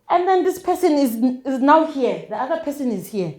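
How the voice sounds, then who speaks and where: A young woman with a South African accent tells her own story as an interview guest. Her voice sits a little high but sounds mellow. She speaks haltingly and keeps restarting and repeating words. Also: big pitch swings. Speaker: guest sharing a personal testimony. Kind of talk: emotional first-person storytelling.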